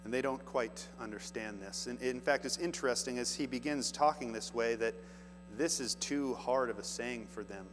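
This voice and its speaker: A man's voice: medium pitch, moderate pace. A man preaching a sermon, reading scripture aloud with earnest, rising emphasis. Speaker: pastor. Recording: long hall reverb, faint music and mains hum.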